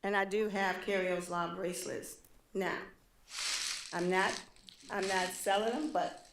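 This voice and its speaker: A woman's voice: mid-range voice, fairly even intonation, unhurried, background noise. A woman giving an earnest, candid and conversational public talk as a symposium speaker and advocate. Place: law school event room. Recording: echoey room.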